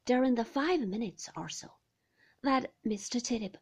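A woman narrating a classic novel as an audiobook, in a hushed delivery that often drops to a breathy whisper. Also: a little high, lively intonation, normal speed. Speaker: audiobook reader.

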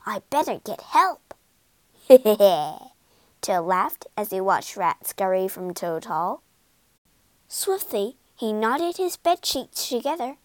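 A woman reading a children's story aloud in an expressive, storybook narration. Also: mid-range voice, dry recording. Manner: slow, lively expressive reading.

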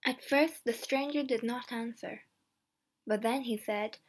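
A woman reading a simple story aloud in clear, slow narration. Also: fairly high pitch. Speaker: reader.

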